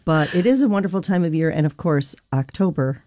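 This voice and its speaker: Low gravelly woman on morning radio. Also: animated, a little fast, mellow, no room sound, studio quality. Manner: enthusiastic, persuasive. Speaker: station colleague, guest in studio. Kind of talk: casual on-air chat. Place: radio studio. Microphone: studio microphone.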